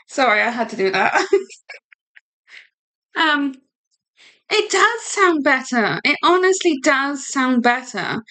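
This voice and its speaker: A woman's voice: sits high, expressive, takes it slowly, pauses often, pushed and bright. A British woman hosting a casual livestream, chatty and rambling with a giggle and lots of fillers. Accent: British English. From United Kingdom. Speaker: livestream host.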